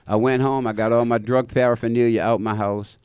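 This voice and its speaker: Dude rattling off a crazy story on a radio show, fast, super animated, dry studio sound. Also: male voice, medium pitch, smooth, no echo. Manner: animated, acts out quoted voices, laughs mid-story. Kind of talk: casual profane storytelling. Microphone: studio mic.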